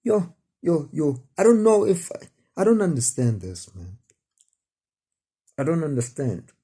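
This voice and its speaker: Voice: medium pitch, sing-song, a little slow, warm tone, husky. A spiritual speaker, preaching casually to camera in a rambling, repetitive way full of rhetorical questions. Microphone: camera facing the speaker.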